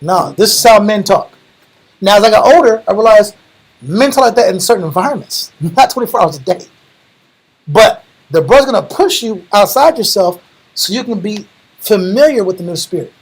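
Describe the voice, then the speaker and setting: A young man preaching a lively, slangy sermon, animated and calling the room bro. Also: high voice, normal speed, husky, low-quality recording. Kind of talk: lively street-style sermon.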